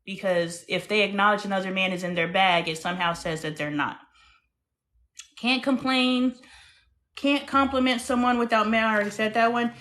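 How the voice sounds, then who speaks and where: Frank, animated woman in her thirties, host of a casual live-stream monologue, loud one moment and hushed the next. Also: mid-range voice, normal speed.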